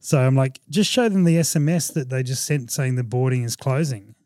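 A man hosting a podcast, telling a travel story in a casual, animated way, laughing often and acting out what people said. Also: mid-range voice, brisk, dry recording. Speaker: podcast host.

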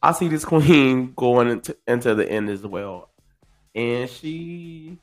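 A man's voice: medium pitch, slow pace, faint music behind. A man co-hosting a podcast, giving casual, playful reality-show recap commentary. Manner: animated, playful banter. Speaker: podcast co-host.

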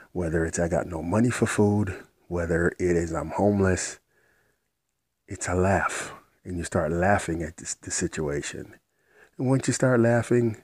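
Man for a rambling motivational vlog, deep husky voice, blunt and profane, very dry close sound. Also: dry recording. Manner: blunt, rambling, repeats himself, swears casually. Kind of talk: unscripted motivational monologue.

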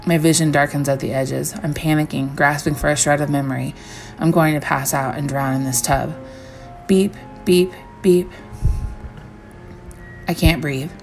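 A woman reading a first-person horror story aloud, measured and slowing down on the eerie lines. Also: sits low, level tone, vocal fry, faint music behind. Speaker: story reader.

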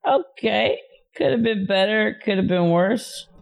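A man's voice: high voice, a little slow, vocal fry, soft background music, poor audio. A man who is a bit drunk, running a donation gamble on a live stream with loose jokes. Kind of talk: casual chat on a charity stream.

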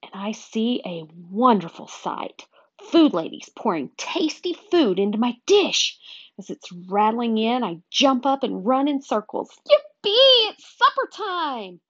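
A woman reading a children's chapter book aloud with expressive, animated storytelling. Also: on the high side, measured pace, breathy edge, dry recording. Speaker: storybook reader. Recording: dull, dry recording.

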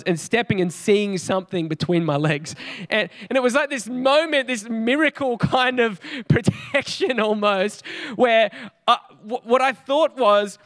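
A man's voice: high voice, fairly bright tone. An Australian man preaching a sermon in an earnest, chatty storytelling way, often with a light laugh. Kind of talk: conversational sermon.

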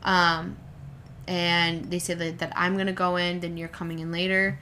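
A young woman talks in a relaxed, candid way, her voice sitting a little low for a woman. She rambles, restarting sentences and leaning on fillers as she goes. A faint hiss of noise sits under the recording. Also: normal speed. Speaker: podcast co-host telling her birth story. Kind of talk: casual chat.

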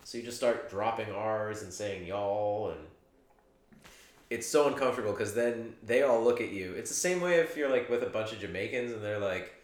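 A man with a lowish voice co-hosts a podcast, spinning crude, laughing anecdotes in loose casual chat. He is a few beers in, and the sound bounces around an echoey room. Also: normal speed. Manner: crude joking storyteller, laughs often. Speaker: podcast co-host.

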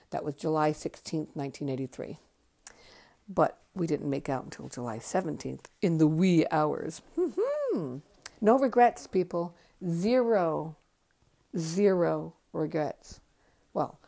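Low-voiced New woman, rambling. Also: warm tone. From Connecticut. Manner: rambling, thinks aloud, swears freely. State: tired. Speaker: podcast host. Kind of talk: casual spoken memoir storytelling.

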